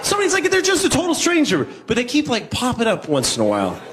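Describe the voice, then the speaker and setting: Wry stand-up comedian before a laughing crowd. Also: male voice, very high voice, wildly swooping pitch, fast. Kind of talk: stand-up set. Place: comedy club stage with live audience. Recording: live club recording with crowd and noise.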